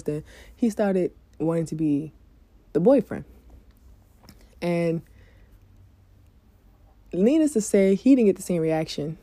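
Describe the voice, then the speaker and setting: A woman talks straight to her viewers in a loose, candid storytelling way and curses freely. Her voice sits a little low and sounds very dark and mellow. The recording is close and dry, with no room sound. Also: lively intonation, takes it slowly, pauses often, no echo. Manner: candid and chatty, swears freely. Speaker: vlogger giving dating advice. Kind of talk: casual storytelling to camera.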